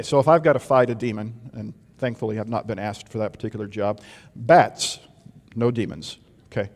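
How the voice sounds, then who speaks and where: A man delivers a sermon at a medium pitch, rising to loud emphasis and dropping to hushed intensity. He leans on rhetorical questions. His voice rings with a long reverb, as in a large church hall. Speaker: preacher.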